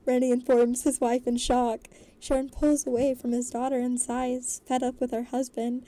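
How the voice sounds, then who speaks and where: A woman's voice: sits high, little pitch movement, a little slow, mellow. Giggly woman narrating a story. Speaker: voice actor reading a story.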